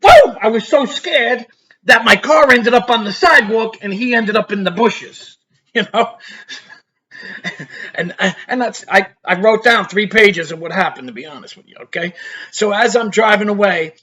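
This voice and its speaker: A man's voice: sits high, moderate pace, pushed and bright. A man, telling a personal story in a rambling, chatty way, peppered with "you know" and little laughs. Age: 50s. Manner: chatty, keeps adding "you know", laughs between sentences. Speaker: vlogger.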